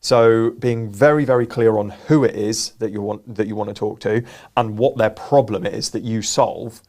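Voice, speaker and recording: A man's voice: fairly low pitch, fairly even intonation, normal speed, darkish tone. A man co-hosting a business live show, explaining earnestly and often restarting his words. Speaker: co-host. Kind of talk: casual business chat.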